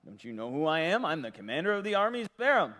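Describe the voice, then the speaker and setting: A man's voice: fairly high pitch, very animated, normal speed, fairly bright tone, big-room sound. A man voicing a proud, offended army commander who complains with scorn, in a sermon retelling. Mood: indignant.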